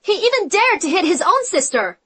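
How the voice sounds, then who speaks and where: A spoiled younger sister in a dubbed drama, spiteful and whiny. Her voice is high, bright and sharp, and it bounces around a lot. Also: sing-song, brisk, full character voice. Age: young adult. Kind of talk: English dub of a short drama.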